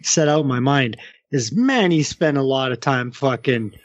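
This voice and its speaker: Joking, profane podcast co-host. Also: male voice, medium pitch, expressive, unhurried, dry recording, highs cut off. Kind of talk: casual podcast chat.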